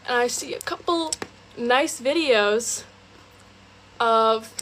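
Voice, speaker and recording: A fairly bright, slightly high female voice belongs to a young woman telling her own story in a relaxed, rapid, chatty style. It's recorded on a phone, and "like" comes up again and again.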